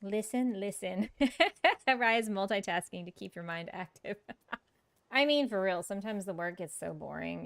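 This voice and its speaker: A woman's voice: medium pitch, measured pace, creaky, pauses often, fairly bright tone. A woman streaming a game, chatting casually with viewers in a chatty, self-mocking way and laughing often. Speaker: live-streaming gamer. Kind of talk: casual gameplay chat with viewers.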